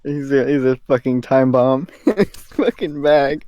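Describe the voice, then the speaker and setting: Slow-talking man joking as a player. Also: mid-range voice, dark tone, dry recording. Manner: joking, swears casually. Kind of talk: casual chat in a tabletop game.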